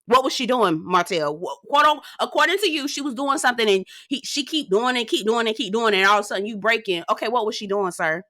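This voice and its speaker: A woman dishing on a reality show with bright, forceful energy and a dry, close sound. She is sassy and outspoken, swears freely and tells it like juicy gossip to her viewers. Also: fairly high pitch, quick pace, hardly any pauses, no room sound. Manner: animated, gossipy storytelling. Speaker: reality TV recap host. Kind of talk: casual commentary.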